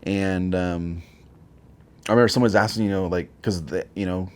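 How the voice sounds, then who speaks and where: Man, 40s, lowish voice, casual, profane, rambling. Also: steady tone, moderate pace. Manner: profane, rambling, with many fillers. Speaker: guest, Marine veteran. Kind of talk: casual storytelling.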